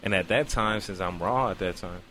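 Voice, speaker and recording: Animated, profane man telling a story. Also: fairly low pitch, normal speed, slight background noise. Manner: animated, profane, acts out his own reactions. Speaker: podcast co-host. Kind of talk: casual storytelling.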